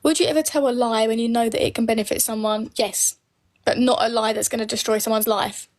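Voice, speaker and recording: A woman in her late twenties with a higher voice answers viewer comments during a casual live Q&A, speaking fairly quickly in a steady tone. She's blunt, swears freely, and says exactly what she thinks.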